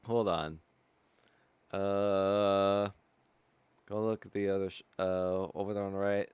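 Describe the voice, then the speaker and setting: A man's voice: deep voice, level tone, slow, darkish tone, clear, resonant tone, no room sound. A man streaming a video game live, commenting playfully, swearing now and then and greeting chat.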